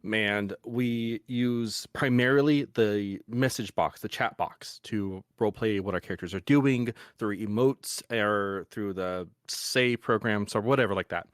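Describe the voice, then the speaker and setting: A man's voice: lowish voice, unhurried, hardly any pauses, smooth, dry recording, studio quality. A young man hosting a podcast, explaining in a casual, rambling way with frequent restarts. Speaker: podcast host.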